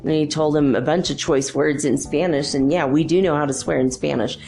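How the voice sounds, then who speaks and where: A woman's voice: low voice, fairly even intonation, fairly quick, vocal fry, darkish tone, soft background music. A middle-aged woman hosting a spiritual podcast, chatting and rambling through stories and laughing often. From United States. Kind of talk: casual spiritual talk.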